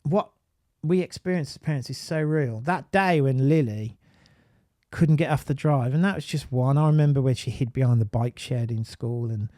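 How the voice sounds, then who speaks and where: A man with a Birmingham accent, an autism advisor and parent, talking in an animated, emphatic monologue with frequent restarts and tangents. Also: mid-range voice, normal speed, dry recording, clean studio sound. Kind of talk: casual live-stream monologue.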